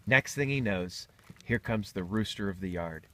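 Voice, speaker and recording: A man telling a campfire story in an animated, joking manner. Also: on the low side, moderate pace, slight background noise.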